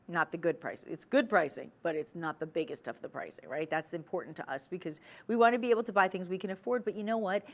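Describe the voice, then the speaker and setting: A woman hosting a TV shopping show, chatty and persuasive as she pitches jewelry. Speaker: shopping channel host.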